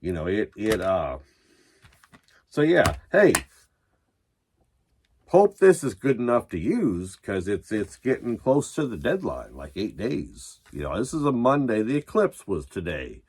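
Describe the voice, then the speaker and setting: A drunk, high man rambles through a loose home vlog, his voice husky and fairly low. His pitch swings wildly from low mutters up to sudden high bursts. He swears freely and keeps restarting his thoughts. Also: sing-song, measured pace, darkish tone. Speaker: metal vlogger.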